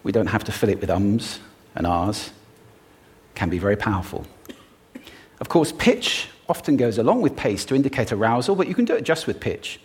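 A man giving a talk on stage to an audience, expressive and playful, demonstrating different ways of using the voice. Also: on the low side, fairly quick. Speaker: public speaker.

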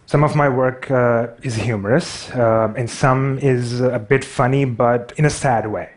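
A man's voice: medium pitch, fairly even intonation, a little slow. Wry man with a Pakistani accent. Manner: wry, self-deprecating. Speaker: speaker. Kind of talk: storytelling talk on stage.

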